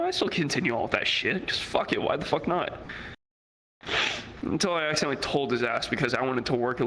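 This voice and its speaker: Bright-voiced young man telling a profane story. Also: on the high side, slight background noise, low-quality recording. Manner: profane, animated, acts out the people he quotes. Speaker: streamer. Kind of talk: casual storytelling on a livestream.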